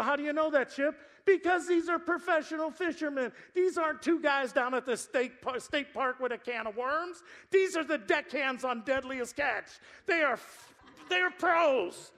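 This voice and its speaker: Animated joking male pastor, high voice. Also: normal speed. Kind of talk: sermon. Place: church sanctuary.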